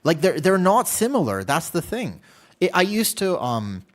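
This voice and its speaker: A man livestreaming a game, chatting candidly and telling animated stories with playful exaggeration. He is from the United States. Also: high-pitched, normal speed. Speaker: game streamer. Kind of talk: casual livestream chat while gaming.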